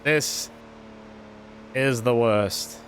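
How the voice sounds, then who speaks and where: A man's voice: medium pitch, drawn-out words, fairly bright tone, a little hiss or hum. Sarcastic man muttering over a racing game. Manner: sarcastic, self-deprecating, muttering to himself. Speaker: streamer. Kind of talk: casual gameplay commentary.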